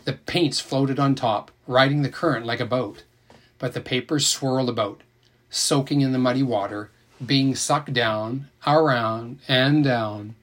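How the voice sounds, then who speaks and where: A man narrating an audiobook in an expressive, emotional reading style. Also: medium pitch, a little slow.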